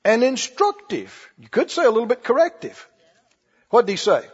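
A man preaching a sermon in an animated way, drawing call-and-response from his congregation. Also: extremely high pitch, moderate pace, breathy edge. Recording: dull audio with long hall reverb.

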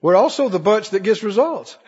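Preacher with a lively, soaring voice. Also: male voice, a little fast. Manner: preacherly call-and-response, swinging from loud high cries to low murmurs. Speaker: pastor. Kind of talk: sermon. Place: large church hall. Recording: muffled recording with long hall reverb.

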